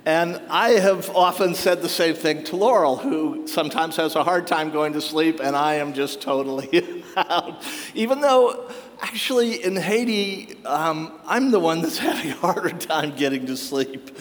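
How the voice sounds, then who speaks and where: A man with a high voice delivers a sermon at an unhurried pace, spinning stories with wry humor and laughing often. His voice rings out with a long reverb, as if in a large church hall. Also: a little hiss or hum. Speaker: pastor.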